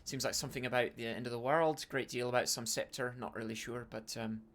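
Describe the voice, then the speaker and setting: A man's voice: mid-range voice, steady tone, a little fast, a bit bright, close to an everyday voice. A man voicing a female dwarf noble with a Scottish accent, speaking in a hesitant, rambling way.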